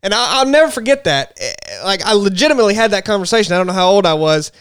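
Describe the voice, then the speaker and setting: A man with a noticeably high, smooth voice chats loosely about faith. He rambles, restarts his sentences and pokes fun at himself. The sound is dry and close. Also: animated, racing, a bit bright, dry recording. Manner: rambling, self-correcting, joking. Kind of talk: casual faith discussion.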